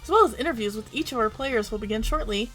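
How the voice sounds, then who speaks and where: A woman voicing a dramatic game show announcer in a video game, reading the lines aloud with a grand, drawn-out delivery. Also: a little high, animated, fairly bright tone, soft background music.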